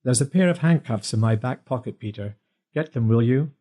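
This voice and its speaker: A man voicing a protective police inspector with a deep voice, calm and dryly teasing. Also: fairly quick, close to an everyday voice. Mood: firm.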